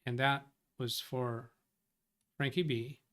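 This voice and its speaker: A man's voice: mid-range voice, fairly even intonation, slow, fairly bright tone. Man rambling through a live stream. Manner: thinks aloud, reads out viewer comments; rambling, self-correcting. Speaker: tech support livestream host. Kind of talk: casual live-stream chat.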